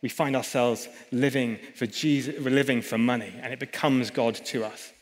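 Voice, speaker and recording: A man's voice: mid-range voice, steady tone, moderate pace. A man preaching a sermon in a church hall, emphatic, with chatty asides to the congregation. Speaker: pastor.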